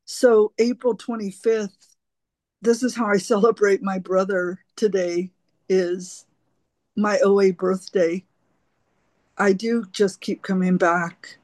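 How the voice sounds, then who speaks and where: A woman speaks slowly and haltingly, repeating her words as she shares her recovery story at a twelve-step meeting. Her tone is earnest and open, and the recording is dry and close with almost no room sound. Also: medium pitch, steady tone, a little mellow, dry recording.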